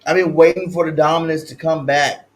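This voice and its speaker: A man from California hosting a livestream sports talk show, slangy and hyped, swinging between loud shouted chants and low mumbled asides. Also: fairly even intonation, fairly quick, poor audio. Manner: slangy, repeats catchphrases.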